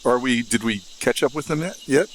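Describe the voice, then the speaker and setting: A man's voice: medium pitch, fairly quick. A man playing a tabletop game, talking casually and joking with the group. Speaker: player.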